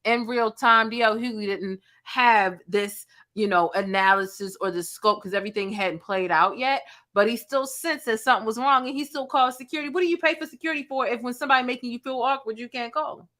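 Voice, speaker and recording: Woman commentator, bright voice, sassy slangy delivery, gossip breakdown. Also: on the high side, fairly even intonation, a little fast, hardly any pauses. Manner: sassy, slangy, mimics people she quotes. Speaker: blogger and commentator. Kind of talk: commentary vlog.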